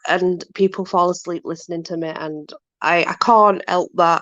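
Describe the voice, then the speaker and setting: A woman's voice: on the low side, fairly even intonation, moderate pace, hardly any pauses, a bit bright, no room sound, lo-fi sound. A woman chatting casually, apologetic and self-deprecating, fussing over her dogs. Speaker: channel host with dogs. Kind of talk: casual chat.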